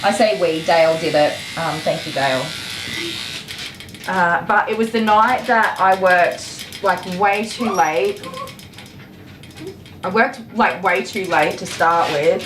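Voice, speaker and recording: A woman's voice: fairly low pitch, slow pace, pauses often. Australian woman chatting in an echoey salon. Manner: soothing a restless dog between chatty stories, soft and coaxing. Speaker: dog groomer. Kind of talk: casual chat while grooming on a livestream. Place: grooming salon. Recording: echoey room with clear background noise.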